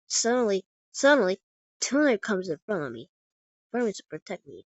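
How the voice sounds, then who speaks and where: A woman's voice: mid-range voice, expressive, brisk, darkish tone, no room sound. Woman narrating a stumbling fan story. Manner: stumbling, frequent restarts. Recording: dull dry lo-fi recording.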